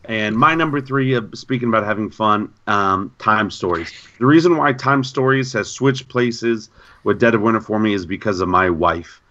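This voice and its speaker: A man co-hosting a gaming podcast in casual chat, an animated storyteller who repeats himself. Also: fairly low pitch, moderate pace, dull audio. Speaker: podcast co-host.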